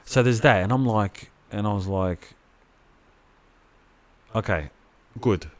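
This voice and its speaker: Very deep-voiced man rambling. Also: takes it slowly. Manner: rambling, swears freely, many restarts. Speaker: podcast co-host. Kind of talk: casual chat.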